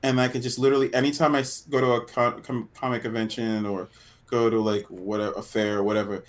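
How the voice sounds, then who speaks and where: A man co-hosting a podcast in casual chat, excitable, stumbling over words and saying "like" a lot. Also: medium pitch, fast talker. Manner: excitable, stumbles and restarts, lots of "like". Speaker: podcast co-host.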